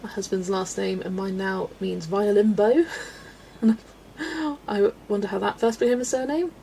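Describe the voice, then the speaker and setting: Giggly chatty woman, gravelly voice. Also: mid-range voice, fairly even intonation, moderate pace, dark tone. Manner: giggly, chatty, laughs often. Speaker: colouring livestream host. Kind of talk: casual chat reading live comments. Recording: faint background noise.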